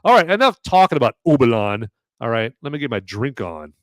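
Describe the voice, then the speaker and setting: Lively, profane podcast host. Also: male voice, medium pitch, brisk, no room sound, clean studio sound. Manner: animated and profane, bantering with chat. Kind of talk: casual live-stream chat.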